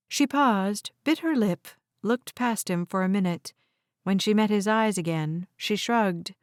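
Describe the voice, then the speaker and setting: Woman reading an audiobook, smooth clear voice, dry close sound. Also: mid-range voice, animated, slow, dry recording. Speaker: audiobook narrator. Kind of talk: scripted audiobook narration.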